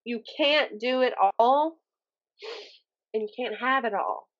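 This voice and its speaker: A woman from Mississippi with a Southern accent, a YouTuber chatting as a guest on a podcast, animated and self-mocking, acting out the voices she quotes. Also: on the high side, slow pace, dull audio. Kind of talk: casual podcast chat.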